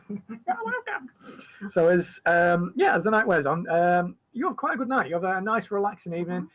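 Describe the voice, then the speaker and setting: A man's voice: high-pitched, a little fast, few pauses, a bit bright, low-quality recording. A man narrating a tabletop game as game master. He rambles and fills his talk with ums, likes and restarts. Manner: rambling, full of fillers and restarts.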